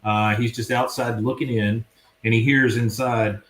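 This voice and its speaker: A man hosting a podcast, casually recapping an episode with animated storytelling. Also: mid-range voice, measured pace. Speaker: podcast host. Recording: echoey room.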